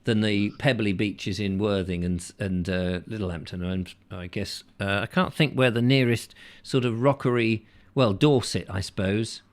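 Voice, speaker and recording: A man hosting a call-in show, chatting casually with rambling jokes and a jumpy, lively delivery. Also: normal speed. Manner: rambling, jokey, with pitch jumps. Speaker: host. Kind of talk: casual comedic chat.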